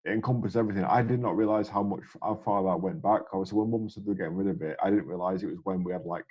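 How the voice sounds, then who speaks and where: Sex: man. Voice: very low, husky. Style: casual podcast chat, sweary, stammering restarts. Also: rapid-fire, muffled recording. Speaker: podcast co-host.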